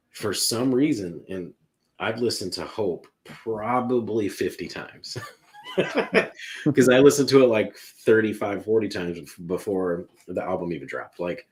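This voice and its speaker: A man with a very low, deep voice chats about music on a podcast. He talks in an earnest, emotional way and rambles, restarting his sentences often. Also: darkish tone. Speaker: podcast panelist ranking songs. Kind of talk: casual music discussion.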